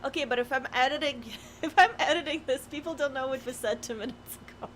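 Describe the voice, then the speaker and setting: A woman co-hosting a game stream in casual, excitable chat, often flustered. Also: high-pitched, quick pace, a little hiss or hum. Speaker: streamer co-host.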